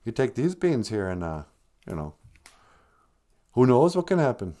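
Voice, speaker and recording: A man's voice: medium pitch, very animated, normal speed, dark tone, close to an everyday voice. A man voicing a sly male goblin swindler in a spoken folktale, talking like a pushy salesman. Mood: wheedling. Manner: wheedling, pushy salesman talk.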